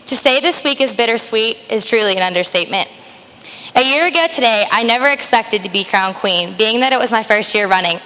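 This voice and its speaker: A woman's voice: fairly high pitch, animated, a little fast, bright, forceful tone, big-room sound. A young woman, the outgoing county fair queen, reading an earnest farewell speech while trying not to cry. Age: young adult. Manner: earnest, emotional, holding back tears. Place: outdoor fair stage with PA system.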